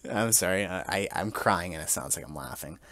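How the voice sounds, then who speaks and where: A young man in his twenties hosting a casual podcast, telling a mock-solemn story in a halting way, full of restarts and giggles. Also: low voice, a bit bright, no room sound, clean studio sound. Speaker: podcast host.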